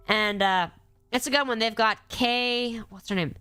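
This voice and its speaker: A congested woman chatting casually on a live stream, animated and gushing as she ranks episodes and acts out quoted lines. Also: a little high, a little slow, clear, resonant tone, soft background music.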